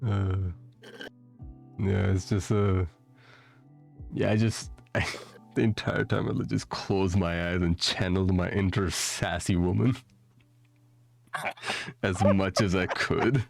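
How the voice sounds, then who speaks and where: Low gravelly young man, laughing ramble. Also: steady tone, slow pace, pauses often, soft background music. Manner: laughs often, rambling with fillers and restarts. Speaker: tabletop roleplay player. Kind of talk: casual out-of-character chat on a stream.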